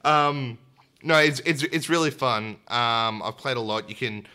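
A man's voice: medium pitch, a little slow, pushed and bright, clean tone. A young man co-hosting a podcast in casual, upbeat chat, often acting out little voices. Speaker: podcast co-host.

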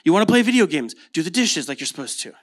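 This pastor talks fast, his fairly high voice swinging widely in pitch. He's in his thirties with an American accent, and his casual sermon runs on storytelling and rhetorical questions.

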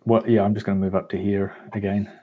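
A man's voice: on the low side, flat delivery, fast talker, phone-quality sound, a little hiss or hum. A young man playing a tabletop game, hesitant and full of ums, with a joking streak. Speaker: player.

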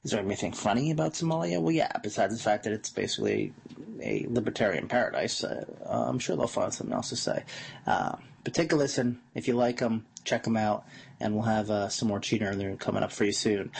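Gravelly, husky male announcer. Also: fairly low pitch, fast talker. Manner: rambling, offhand. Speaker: network show announcer. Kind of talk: casual show promo.

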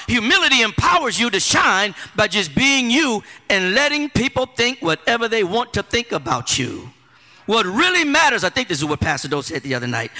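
A male pastor preaches in an animated way, piling up rhetorical questions and folksy asides. His voice sits high and swings widely, with a strikingly bright, ringing tone. A long reverb from a large sanctuary follows every phrase. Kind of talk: sermon.

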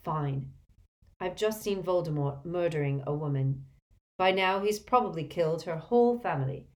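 A tense, defiant teenage wizard, read by a woman, in her own lowish voice with lively pitch movement. He speaks firm and guarded. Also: moderate pace, natural voice.

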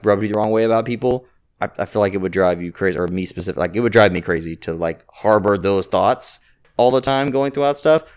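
A man co-hosting a casual podcast chat, rambling through his thoughts with a lot of "like". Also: deep voice. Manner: rambling, heavy use of filler "like". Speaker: podcast co-host.

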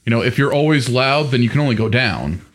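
A man's voice: mid-range voice, animated, quick pace. A man co-hosting a podcast, explaining voice and volume tips hesitantly, with lots of "um" and "you know". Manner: hesitant, many fillers, explanatory. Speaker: podcast co-host. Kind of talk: casual tabletop gaming chat.

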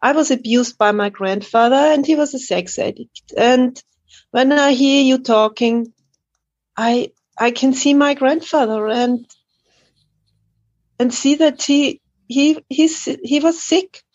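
A woman sharing at a recovery meeting, halting and searching for her words. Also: sits high, darkish tone, no echo, lo-fi sound.

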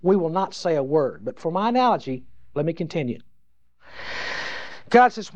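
A man's voice: on the high side, big pitch swings, moderate pace, pauses often, no room sound. Folksy preacher man, dry lo-fi sound. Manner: folksy, emphatic storytelling with frequent restarts. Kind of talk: sermon. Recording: dull lo-fi dry recording.

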